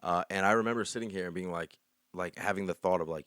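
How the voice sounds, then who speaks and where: A young man with a notably low voice co-hosts a podcast, drifting through loose, joking tangents full of "like" and "you know". The sound is close and dry, with no room around it. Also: fast talker, a bit bright, clear, resonant tone, no echo. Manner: rambling, joking, heavy use of "like". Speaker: podcast co-host. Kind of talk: casual chat.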